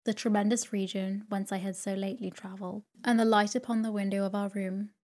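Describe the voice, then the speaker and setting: A woman narrating a classic novel as a sleep story, in a slow, even and soothing manner. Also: medium pitch. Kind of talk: calm sleep story reading.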